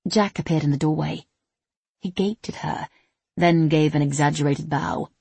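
Woman, low voice, gravelly, audiobook narration, steady. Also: moderate pace, no room sound.

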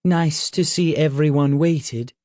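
A poised lady of a fairy court, amused and quick to tease, speaking in a raised, light storybook voice, put on by a male narrator. Her dry wit colours every word. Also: fairly high pitch, darkish tone, dry recording, pitched above the performer's own voice. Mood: teasing.

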